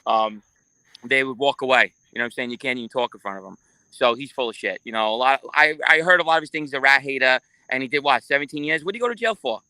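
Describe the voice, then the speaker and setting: A man talking as a guest in a casual, profane interview, telling stories in an animated way. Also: medium pitch, quick pace, clear, resonant tone, dry recording. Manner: animated, swearing, storytelling.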